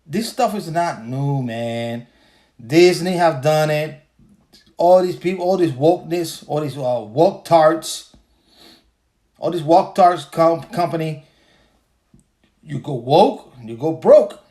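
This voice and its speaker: Podcast host, male, slow talker with a slightly high voice, loose and profane, repeats points. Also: lively intonation, mellow. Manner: profane, repetitive, laughs while talking. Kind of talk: casual livestream rant.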